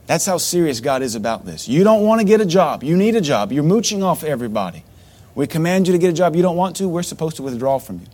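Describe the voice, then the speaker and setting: A middle-aged pastor delivers a sermon in a slightly high voice. He swings from mocking asides into sudden loud outbursts. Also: sing-song, fast.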